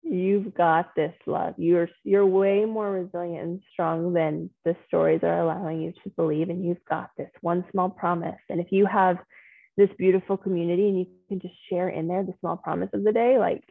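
A woman's voice: on the low side, steady tone, normal speed, vocal fry, no room sound. A woman working as a transformational coach, talking a group through their feelings over a video call in an affirming, encouraging way and calling people pet names. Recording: phone-like video call audio.

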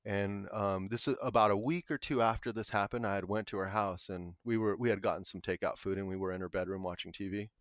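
A man, a podcast guest, telling a paranormal story in an earnest, halting way. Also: on the low side, steady tone, no room sound. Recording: muffled lo-fi audio.

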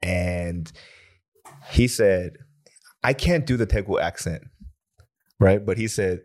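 A man's voice: deep voice, slow. A man co-hosting a podcast, chatting casually and teasing his co-host with jokes. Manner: joking, teasing banter with laughs. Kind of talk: casual chat.

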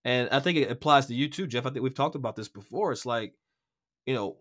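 A male golf broadcaster from Kentucky talks loosely on a podcast, swearing freely and repeating words as he goes. His voice sits at a middle pitch, and he talks at an everyday pace. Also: animated, fairly quick, a bit bright. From Kentucky, USA. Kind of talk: casual podcast chat.

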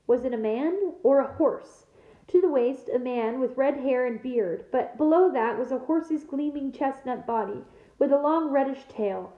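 Woman teacher reading aloud, echoey. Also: sits high. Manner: steady storytelling, small slips. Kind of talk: reading a novel aloud to a class. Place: classroom. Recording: echoey room, tinny phone-like sound.

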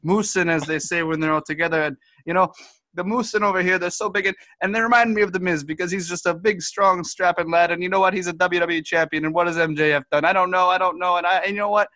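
Comedy podcast bit: a man doing a rambling, goofy news correspondent, bright and a bit high. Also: fairly even intonation, fast talker, no echo. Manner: rambling, repeats "as they say", laughs at own jokes. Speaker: comic correspondent. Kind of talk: comedic improvised character bit.

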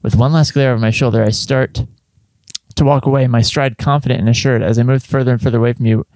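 A man's voice: mid-range voice, steady tone, fast, a little mellow, no echo. A man co-hosting a comedy show, dramatically reading out chatbot lines and often breaking into laughter. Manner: reads chatbot text aloud, breaking into laughter. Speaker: podcast co-host reading chatbot replies.

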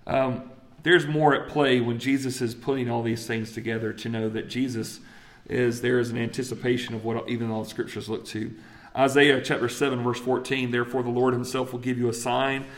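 Man, Southern accent, sermon, conversational and animated, acts out voices. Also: mid-range voice, moderate pace. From South Carolina. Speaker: preacher.

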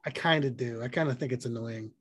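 A man's voice: mid-range voice, quick pace, breathy edge, no echo. A young man co-hosting a podcast, rambling and joking in casual chat, swearing freely. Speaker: podcast co-host.

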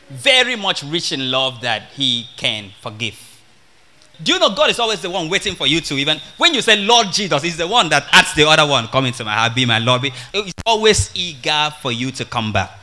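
A man preaching an animated, humorous sermon to a congregation. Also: fairly high pitch. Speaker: evangelist.

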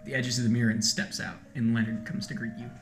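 A man narrating as game master in a tabletop role-playing game, animated and quick to laugh. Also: medium pitch, echoey room, faint music behind.

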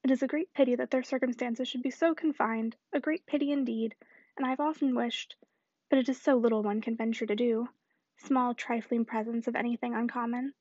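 A woman reading the part of a fussy, anxious elderly gentleman who rambles fretfully. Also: fairly high pitch, fairly even intonation, fairly quick, dry recording, muffled recording, natural voice.

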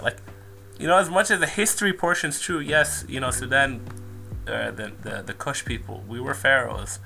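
A young man in casual chat, telling a story in an animated way and laughing often. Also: mid-range voice, normal speed, vocal fry, soft background music.

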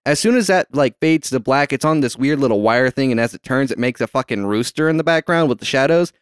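A man's voice: medium pitch, lively intonation, quick pace, clear, resonant tone, dry recording, clean studio sound. A young man hosting a casual movie commentary track, laid-back and profane, laughing often.

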